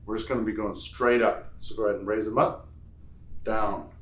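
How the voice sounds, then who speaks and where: A man's voice: fairly low pitch, steady tone, normal speed. A man leading a home strength workout, counting reps aloud and adding playful asides. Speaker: fitness instructor. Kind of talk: guided workout instruction. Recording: echoey room.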